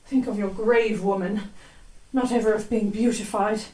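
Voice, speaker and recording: A woman's voice: mid-range voice, steady tone, normal speed, darkish tone, roomy sound, far from the mic, close to an everyday voice. An actress playing a haughty, proud queen with commanding, declamatory Elizabethan stage delivery. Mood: sleepwalking.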